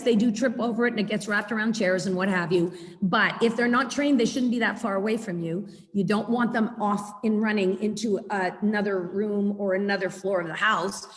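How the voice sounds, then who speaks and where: Woman dog trainer, webinar, video call, higher voice, long reverb. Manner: practical, demonstrates correction tones. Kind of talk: webinar teaching.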